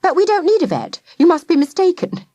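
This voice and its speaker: Woman as prim, pleading mother, high voice. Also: big pitch swings, brisk, dark tone, no echo. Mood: fussy.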